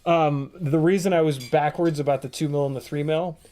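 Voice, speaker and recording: A man's voice: fairly high pitch, steady tone, a little fast, warm tone, slight background noise. A man hosting a casual live stream from a home workspace, chatting easily, joking, and reading out viewer comments while he works. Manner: easygoing, jokey, reads out viewer comments.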